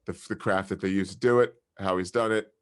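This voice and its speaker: A man's voice: low-pitched, steady tone, brisk, clean tone. A man telling rambling stories in casual podcast chat, full of fillers and restarts. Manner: rambling, fillers, lots of "dude" and "like".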